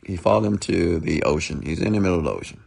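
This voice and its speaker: Man, motivational speaker, gravelly low voice, emphatic repetitive storytelling. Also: expressive, fast talker, a little mellow.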